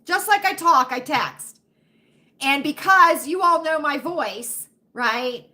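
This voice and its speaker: A woman hosting a casual livestream chat with her viewers, who keeps asking "right?" and now and then drops into a hushed whisper. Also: high-pitched, lively intonation, takes it slowly. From United States. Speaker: livestream host.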